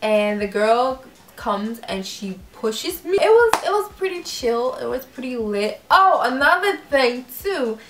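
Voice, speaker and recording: A young woman vlogger telling a story in a casual, animated way, acting out voices and laughing often. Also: sits high, a little slow, reverberant. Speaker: YouTube vlogger.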